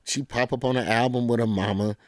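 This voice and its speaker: Comedian dude riffing, slangy and jokey, dry close mic. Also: male voice, mid-range voice, steady tone, fairly quick, no echo. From American South. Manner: loose, joking, slangy storytelling. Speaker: comedian guest. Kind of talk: casual podcast conversation.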